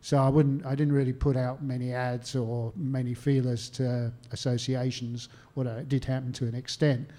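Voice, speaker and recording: Mellow-voiced Australian man telling stories. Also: medium pitch, little pitch movement, normal speed, few pauses. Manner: anecdotal, self-deprecating, acts out phone calls. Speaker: historian and author. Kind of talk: conversational interview answers. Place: stage talk at a literary venue.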